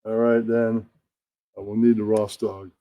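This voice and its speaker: Guy hosting a puppet show, slow rambly muttering, dry close sound. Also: lowish voice, flat delivery, no echo, highs cut off. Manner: rambling, mutters and chuckles to himself. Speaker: host.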